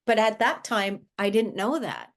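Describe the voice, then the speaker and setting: A woman's voice: mid-range voice, lively intonation, measured pace. A woman guest, a life coach, speaking earnestly in a conversational interview, often restarting her sentences. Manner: earnest, with frequent restarts and filler words.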